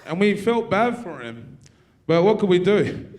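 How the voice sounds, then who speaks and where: A man with an Australian accent doing a stand-up comedy set, telling dark stories in a profane, deadpan way. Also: high voice, unhurried. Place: university theatre with live audience.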